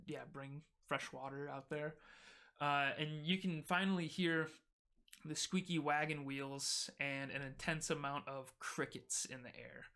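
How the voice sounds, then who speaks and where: Bright-voiced man running a tabletop game. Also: medium pitch, smooth. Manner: loose, casual storytelling with many fillers. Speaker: game master. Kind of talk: narrating a homebrew tabletop game.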